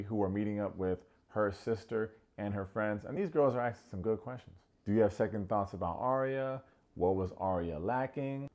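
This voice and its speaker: A man hosting a comedic TV recap, sarcastic and quick to mock. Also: darkish tone. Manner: sarcastic, acts out quotes in high mocking voices. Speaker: recap show host.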